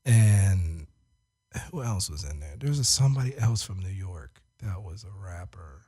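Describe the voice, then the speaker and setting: A man's voice: deep voice, animated, a little slow, warm tone, slightly rough. A man, an audio engineer, casually telling a story on a studio talk show, filling his speech with "like" and laughing often. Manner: laid-back, heavy use of "like", laughs often.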